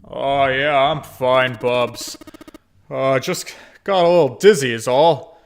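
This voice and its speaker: A man voicing a gruff, confused adult man in a game, talking in a halting, mumbling way. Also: mid-range voice. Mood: shaky.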